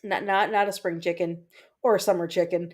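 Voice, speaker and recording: A woman's voice: lowish voice, steady tone, brisk. Chatty Puerto Rican woman in her thirties. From Puerto Rico. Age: 30s. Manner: chatty, reads out chat comments, frequent fillers and repeats. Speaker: livestream host. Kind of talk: casual chat with viewers.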